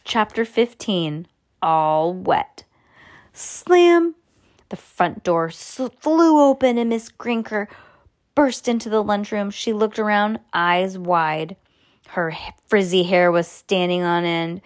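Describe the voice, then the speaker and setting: A woman reads a children's chapter book aloud with lively, animated delivery. Her voice leaps upward on the exclamations and sound words, then settles back into the telling. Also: on the low side, a little slow. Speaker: storybook reader.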